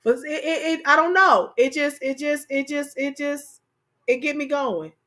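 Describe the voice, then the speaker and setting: A woman with a high voice keeps a measured pace while hosting a livestream. She chats playfully and casually, laughing often, animated, and speaking directly to viewers.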